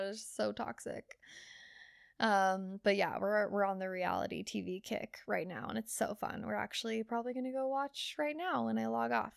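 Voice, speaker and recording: Young woman, podcast host, casual and earnest, filler-heavy; slight vocal fry, dry close sound. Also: mid-range voice, no room sound. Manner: chatty, earnest, filler-heavy with frequent "like" and swearing. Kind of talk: casual solo podcast talk.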